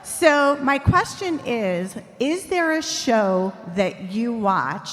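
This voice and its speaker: A woman's voice: on the high side, sing-song, slow, big-room sound. A woman from New Jersey eagerly asking a panel a question. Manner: eager fan. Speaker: audience member asking a question.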